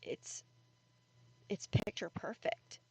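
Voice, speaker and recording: A woman's voice: slow, no room sound, lightly acted, low-quality recording. A woman telling a story, voicing a young male college student who sounds hesitant and shaken. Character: nervous young man, college student home on break.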